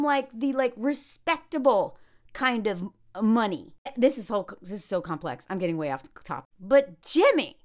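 A woman's voice: high voice, a bit bright. A woman from the American South giving blunt, sarcastic commentary on a reality TV show and laughing often. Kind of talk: casual reaction commentary.

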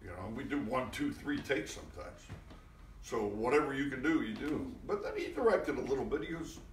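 A man's voice: medium pitch, sing-song, a little fast, a little hiss or hum. A man, a guest actor, telling anecdotes at a live interview event. He talks loosely, with frequent restarts and swearing, and acts out the people he quotes. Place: live event in front of an audience. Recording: echoey room, mic at a distance.

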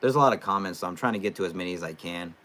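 The host of a sports fan channel, a young man from California, talks in a low-pitched voice and races along. He reads out comments on his easygoing livestream, shifting from casual chatter into loud excitement.

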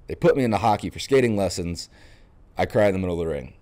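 Young man, from Florida, low pitch, warm dark tone, animated storytelling, podcast guest. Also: fast. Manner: animated storyteller, acts out quoted lines. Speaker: podcast guest, baseball catcher. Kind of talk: casual storytelling interview.

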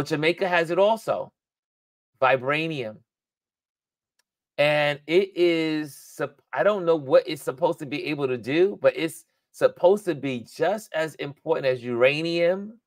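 A man's voice: on the high side, no echo, studio quality. A man hosting a casual livestream, rambling and thinking aloud with frequent laughter. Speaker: livestream host.

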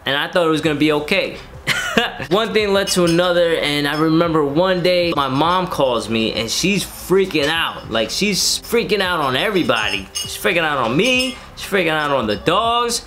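A man in his thirties telling a personal story in a rambling, casual way, full of fillers and relaxed slang. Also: fairly high pitch, moderate pace, hardly any pauses, a little hiss or hum. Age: 30s. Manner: rambling, filler-heavy, laid-back slang. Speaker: reptile keeper and vlogger.

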